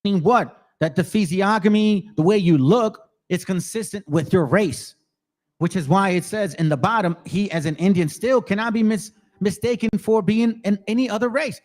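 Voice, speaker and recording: A man's voice: high-pitched, normal speed, a little mellow. A man hosting his channel, giving angry, profane commentary on videos he plays. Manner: profane, heated, ranting. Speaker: channel host.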